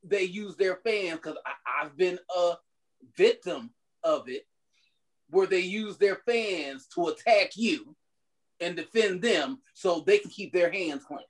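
Male co-host, high voice, earnest, trips over starts. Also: expressive, slow. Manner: earnest, stumbling restarts. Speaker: podcast co-host. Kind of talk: casual chat.

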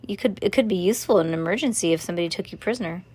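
A woman's voice: lowish voice, racing, a little mellow, breathy edge. A woman reading aloud and voicing an eager, brave young girl held prisoner.

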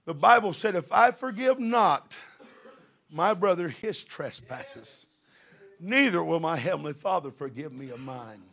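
A middle-aged man preaching a sermon with fervor, building to shouted passages. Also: on the high side, animated, measured pace, creaky.

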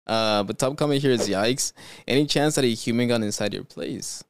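This California man hosts a podcast at a normal speed with a medium-pitched voice, chatting casually, rambling with fillers and laughing often before reading stories aloud. There's slight background noise.

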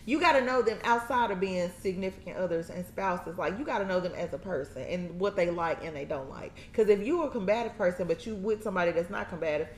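A woman hosting a casual chat, talking animatedly, laughing often and acting out quotes in a high voice. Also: fast, hardly any pauses. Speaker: podcast host. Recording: echoey room with faint noise.

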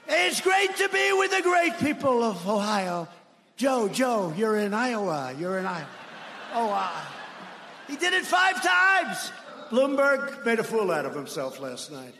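A man delivers a rally speech, mocking and shouting across a large indoor arena. His voice sits high and sounds bright and forceful. The room is echoey, and a long reverb trails his words over a faint murmur. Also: slight background noise. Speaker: politician at a rally.

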